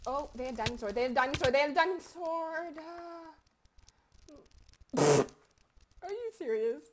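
High-voiced young woman, crude joking gamer. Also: a little hiss or hum. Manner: crude, joking, with sudden loud outbursts. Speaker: gaming commentator. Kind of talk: casual gameplay commentary.

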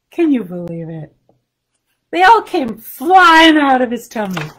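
Animated woman reading a picture book. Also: sits high, a little slow. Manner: animated, asks the children questions. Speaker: children's librarian.

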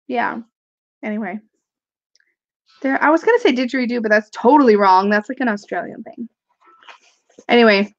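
A woman with a high voice, coughing and sucking cough drops, rambles and laughs through a casual live stream as a tarot video creator, unboxing items and reading viewer comments aloud. The recording is dry, with the highs cut off.

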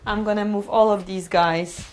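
A woman's voice: mid-range voice, fairly even intonation, normal speed, slight background noise. Chatty woman hosting a kitchen stream. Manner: chatty, enthusiastic, many fillers and restarts. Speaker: cooking show host. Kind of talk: live-streamed cooking demo chat. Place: home kitchen.

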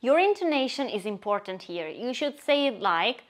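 A woman teaching a language lesson in a scripted, expressive way, acting out short example phrases. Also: a little high, moderate pace. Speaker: Turkish teacher.

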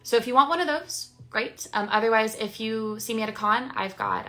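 A woman's voice: a little high, fairly quick, sharp tone. A woman streaming casually, chatting with fans while she signs prints, with frequent ums and small laughs. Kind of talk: casual livestream chat.

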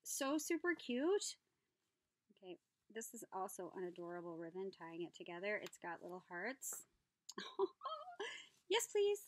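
A woman hosting a craft channel, opening a mail package and gushing over each item with gasps, soft whispers and breathy exclamations. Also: mid-range voice, big pitch swings, unhurried, pauses often, no echo. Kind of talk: casual unboxing chat.

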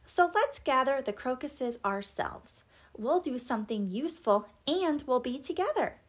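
A woman doing a gentle young queen. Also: high-pitched, expressive, a little slow. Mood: earnest.

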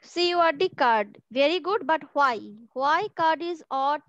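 A woman's voice: high-pitched, unhurried, dry recording, muffled recording. A woman teaching an online class, patiently repeating each question and word for her pupils. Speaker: school teacher. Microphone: video call from home.

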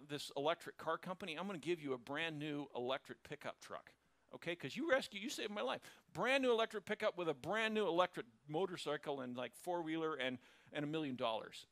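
Bright, animated male preacher. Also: sits high, dry recording, studio quality. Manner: animated storytelling, acts out quoted characters. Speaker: pastor. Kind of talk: sermon.

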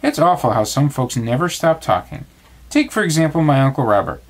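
A pompous old male owl who drones on with self-satisfied chatter, as a father reads him aloud at bedtime. The voice rises above the reader's own and moves in lively swoops. He is a storybook windbag. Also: fairly high pitch, a little fast. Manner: long-winded, self-satisfied.

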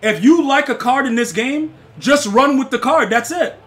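A man streaming a game live, bantering and teasing his chat, swearing and shouting at plays. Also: extremely high pitch, moderate pace. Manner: excitable, swears, loud outbursts at the game. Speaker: gaming streamer.

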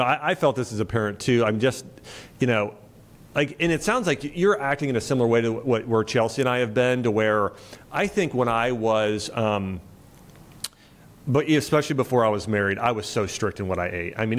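A man in his thirties hosting an interview podcast, talking casually and reflectively in loose, meandering sentences. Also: on the low side. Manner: rambling, full of restarts. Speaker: podcast host.

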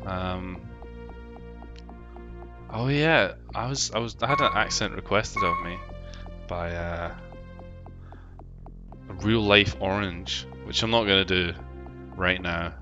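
A man's voice: deep voice, slow pace, pauses often, lo-fi sound. A man with a London accent chatting casually and joking while he streams a game and reads out chat messages. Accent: London English. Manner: rambling, jokey, swears casually, reads out chat. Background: game music.

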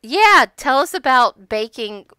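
A young woman streaming a game, playful and giggly, in an unhurried drawl. Her voice is bright and clear, with a lively up-and-down melody and dry, close sound. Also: high voice, no room sound. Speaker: streamer hosting a game role-play. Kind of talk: casual gaming stream chat and storytelling.

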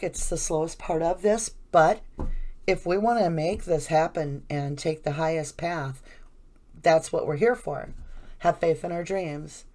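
Chatty woman tarot reader, low voice. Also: darkish tone. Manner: chatty, effusive, rambling. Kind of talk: casual tarot reading.

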